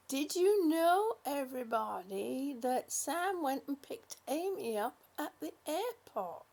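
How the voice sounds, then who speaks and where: Lady on a livestream reading out comments, high voice, takes her time, calls everyone honey. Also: very animated, takes it slowly, creaky, few pauses, a little mellow. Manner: affectionate, calls viewers honey and sweetie. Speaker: livestream host. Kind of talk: casual livestream chat reading viewer comments.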